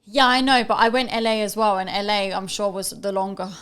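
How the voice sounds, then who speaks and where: A woman's voice: medium pitch, brisk, fairly bright tone, clear, resonant tone. A young British woman co-hosting a podcast, casually reacting to a clip in an emphatic, gossipy, opinionated way. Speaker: podcast co-host.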